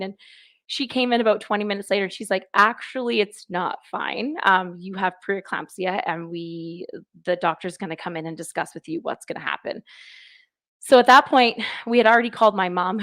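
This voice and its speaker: A woman's voice: medium pitch, a bit bright. A woman telling her own story on a live chat, emotional at times and retelling what others said, with restarts. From Canada. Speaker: guest sharing her birth story.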